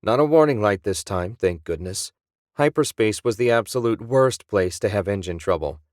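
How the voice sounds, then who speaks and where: Low-voiced male audiobook narrator. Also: expressive, moderate pace, a little mellow, dry recording, clean studio sound. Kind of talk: scripted narration.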